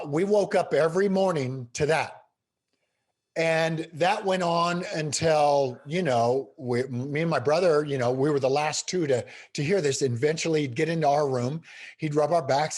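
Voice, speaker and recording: A middle-aged man telling stories as an interview guest, animated and emphatic. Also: a little high, moderate pace. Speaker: guest speaker. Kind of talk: storytelling in a podcast interview.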